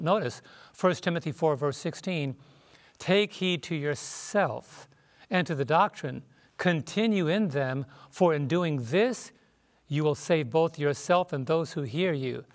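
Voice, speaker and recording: A man with a somewhat high voice teaches a Bible study on a television panel. He talks in an earnest teaching manner, quoting scripture as he goes. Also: fairly bright tone. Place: television studio.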